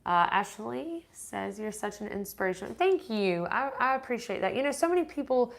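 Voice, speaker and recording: A woman's voice: fairly high pitch, expressive, moderate pace, vocal fry. A woman hosting a casual live-stream Q&A, reading viewer comments aloud and answering them in a rambling, chatty way. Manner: rambling with frequent restarts.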